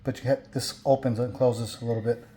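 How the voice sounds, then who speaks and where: A channel host reviews a bumper install in a casual walkthrough, his medium-pitched, husky voice dark and steady. He talks a little fast and rambles, with frequent fillers and restarts.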